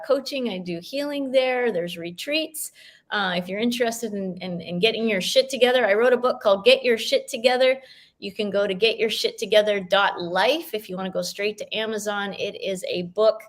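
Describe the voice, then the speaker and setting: A woman's voice: mid-range voice, fairly bright tone. A woman life coach and author as an interview guest, telling a story animatedly and acting out the dialogue. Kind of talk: casual interview chat.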